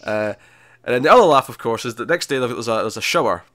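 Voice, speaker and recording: A man's voice: medium pitch, animated, fast talker, fairly bright tone, no echo, studio quality. A man co-hosting a casual TV review chat, recapping scenes animatedly with frequent laughs and restarts. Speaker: podcast co-host reviewing a TV episode.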